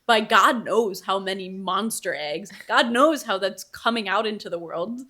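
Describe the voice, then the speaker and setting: A woman's voice: measured pace, sharp tone. A young woman co-hosting a podcast, telling a story casually and breaking into laughter. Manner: laughing, storytelling in a slightly higher voice. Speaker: podcast co-host. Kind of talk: casual chat.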